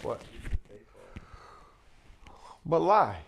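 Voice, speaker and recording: Slow-talking man telling a story. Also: a little high, very animated, very noisy. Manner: rambling, filler-heavy, laughs often. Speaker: minister and coach hosting his channel. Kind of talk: casual storytelling talk.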